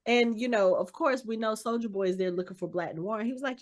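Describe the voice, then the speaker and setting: Woman podcast co-host, lively recapper, slightly high voice, acts out scenes. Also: fairly quick, hardly any pauses. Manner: animated storyteller, acts out scenes in quotes. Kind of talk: casual TV recap chat.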